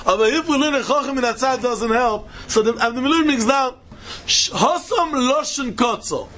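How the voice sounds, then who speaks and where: A man's voice: very high voice, normal speed, fairly bright tone. A man giving a Talmud lecture, emphatic and repetitive, chuckling as he explains. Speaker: Talmud teacher.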